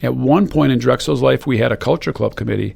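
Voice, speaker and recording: Gravelly-voiced man, podcast host sharing stories in a loose, rambling way. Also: mid-range voice, fast, a little mellow. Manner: rambling, earnest, with frequent fillers and restarts. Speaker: podcast host being interviewed. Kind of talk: casual conversational interview.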